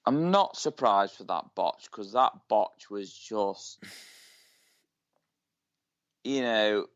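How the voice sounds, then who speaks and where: Low-pitched male co-host, blunt and sweary, dull lo-fi sound. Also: expressive, drawn-out words. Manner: blunt, swears, short reactions. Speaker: podcast co-host. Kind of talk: casual wrestling chat.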